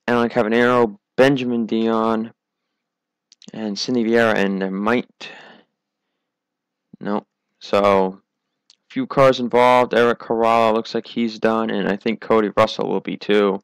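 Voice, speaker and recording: A man's voice: fairly low pitch, unhurried, pauses often, clean tone, no room sound. A young man giving solo play-by-play commentary on a sim racing league, running through positions and replays. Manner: calls positions and replays, rising excitement at restarts.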